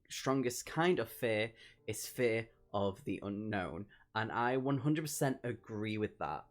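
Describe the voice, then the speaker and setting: A man's voice: medium pitch, a bit bright. A man reviewing a horror novel in a vlog, reading passages aloud and reacting emphatically, from delight to disgust. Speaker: book reviewer.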